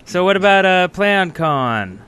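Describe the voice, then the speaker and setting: A man's voice: high voice, big pitch swings, unhurried, sharp tone, a little hiss or hum. A man co-hosting a podcast in a goofy, teasing way. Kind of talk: casual chat.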